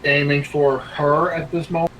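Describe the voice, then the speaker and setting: A man's voice: on the high side, level tone, normal speed, a bit bright, slight background noise, low-quality recording. Hesitant man playing tabletop game. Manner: hesitant, casual. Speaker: player.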